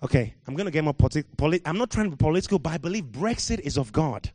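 A man from Africa preaching a sermon, swinging from quiet, musing talk to loud shouting and laughing at himself. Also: on the high side, big pitch swings, very fast, no room sound.

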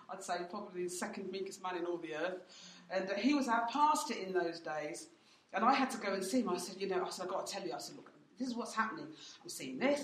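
A woman's voice: medium pitch, a bit bright, recorded from a distance. Chatty woman telling her story. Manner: chatty storytelling with fillers, voices others in quotes. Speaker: church teacher. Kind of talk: teaching testimony. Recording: roomy and off-mic.

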